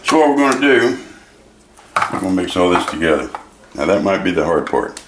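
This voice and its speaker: A man's voice: deep voice, sing-song, a little fast, noisy background. A man hosting a home cooking show, joking and rambling in a folksy way as he makes a dish. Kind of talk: casual home cooking demo. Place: home kitchen. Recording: echoey kitchen, clear clatter of dishes.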